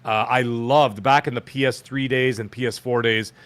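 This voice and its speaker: A man's voice: medium pitch, fairly even intonation, normal speed, a bit bright, no room sound. Jokey middle-aged man, dry close sound. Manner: jokey, goofy, breaks into laughter. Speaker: podcast co-host. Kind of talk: casual gaming podcast chat.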